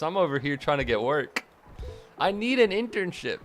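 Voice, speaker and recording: A man's voice: medium pitch, animated, moderate pace, faint music behind. A young man in his twenties, a college student chatting casually on a live stream, rambling, swearing freely and laughing often. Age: 20s.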